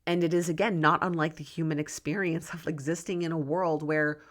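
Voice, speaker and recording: Low-voiced woman coaching in a casual monologue. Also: steady tone, a little fast. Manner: earnest, rambling, with frequent "right?" and "um". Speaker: podcast host and weight loss coach. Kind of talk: casual solo podcast monologue.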